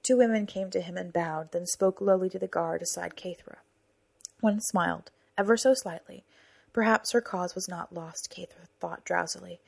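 Breathy woman podcaster reading her own story, calm, easygoing pace. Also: fairly low pitch. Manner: calm, soft-spoken and measured. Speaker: author and narrator of a fiction podcast. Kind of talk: storybook narration and casual podcast notes.

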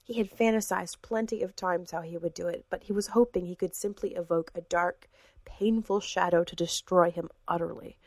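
Woman audiobook narrator, lower voice, measured and hushed, dry booth sound. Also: steady tone, no echo. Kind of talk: scripted narration.

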